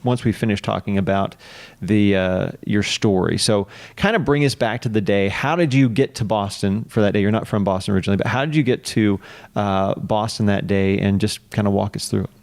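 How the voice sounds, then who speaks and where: A man's voice: lowish voice, a little fast, gravelly, a little mellow. Friendly man hosting a podcast. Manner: friendly, hesitant interviewer who laughs easily. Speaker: podcast host. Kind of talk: casual interview talk.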